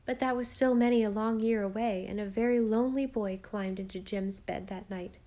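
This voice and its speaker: With a mid-range voice, a woman reads a classic children's novel as an audiobook narrator, using a measured and expressive storytelling manner.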